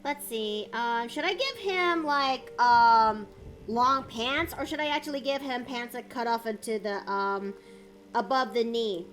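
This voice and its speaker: Chatty young woman streamer, high bright voice. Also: measured pace, soft background music. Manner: chatty, thinks aloud with fillers. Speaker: streamer and artist. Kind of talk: casual art stream chat.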